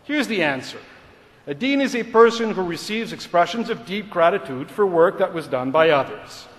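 Middle-aged male dean, formal commencement address, bright higher register, long hall reverb, podium mic. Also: lively intonation, slight background noise. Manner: measured and rhetorical, switching between English and French. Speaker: law school dean giving a graduation address. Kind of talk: formal ceremonial speech. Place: large ceremony hall.

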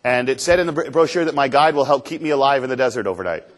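Guy from canada doing a keynote on stage, lively self-mocking storyteller, mid pitch. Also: rapid-fire. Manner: animated, self-deprecating storyteller. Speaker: motivational speaker. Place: stage before an audience.

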